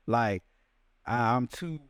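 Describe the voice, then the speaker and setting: A man's voice: mid-range voice, lively intonation, very slow, smooth, no room sound, clean studio sound. A man, co-hosting a podcast in casual, profane chat and laughing between thoughts. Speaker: podcast co-host.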